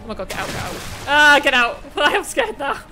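A high-pitched young woman talks her way through a horror game, chatty and jumpy, yelping at scares and laughing them off. Game music plays clearly underneath her commentary. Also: very animated, fast, sharp tone. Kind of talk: live gameplay commentary.

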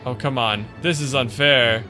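A man's voice: mid-range voice, steady tone, unhurried, pushed and bright, soft background music. A man playing a video game and commenting as he goes, growing exasperated and grumbling about the controls. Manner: frustrated, exasperated, muttering complaints. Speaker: gaming channel host. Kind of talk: let's play commentary.

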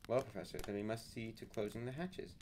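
A man reading aloud and voicing a calm, placid male sea captain in a storybook reading. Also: fairly low pitch, slight background noise, natural voice. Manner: calm, measured.

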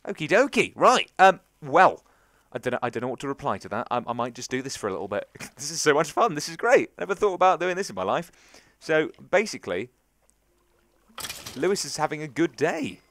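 Animated young man rambling over gameplay. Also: on the high side, brisk, no echo. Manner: chatty, rambling, talks to viewers and game mobs. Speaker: gaming channel host. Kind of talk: let's play game commentary.

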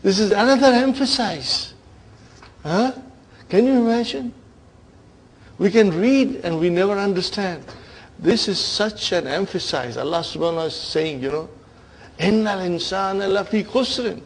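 A man's voice: high-pitched, normal speed, slightly rough. Man teaching grammar, emphatic. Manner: checks in with listeners often, emphatic. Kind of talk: classroom lecture.

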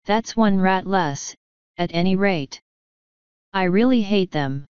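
A woman's voice: mid-range voice, expressive, takes it slowly, darkish tone, clean tone, no room sound, dull audio. A woman playing a scornful bossy girl. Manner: blunt, scornful. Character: sharp-tongued, imperious young girl.

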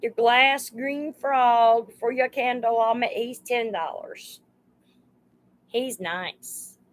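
Slow-talking woman selling live. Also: on the high side, low-quality recording. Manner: chatty, homey, greets viewers by name. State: overheated. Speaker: live sale host. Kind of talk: live-stream selling, chatting with viewers.

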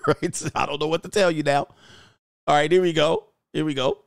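A man hosting a dating commentary show, telling a story bluntly and jumping up in pitch when he quotes himself. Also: vocal fry, no echo, clean studio sound. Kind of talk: casual commentary reacting to clips.

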